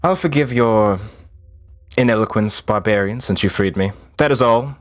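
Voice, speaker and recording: A man's voice: fairly low pitch, normal speed, natural voice. Guy doing a cold haughty magic spear talking in your head, curt. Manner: imperious, curt. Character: haughty sentient spear spirit, male, cold.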